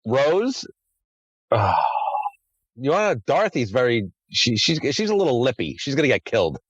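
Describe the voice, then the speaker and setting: A man's voice: mid-range voice, sing-song, moderate pace, slightly rough, no room sound, highs cut off. Crude rambling male podcast host. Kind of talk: casual chat.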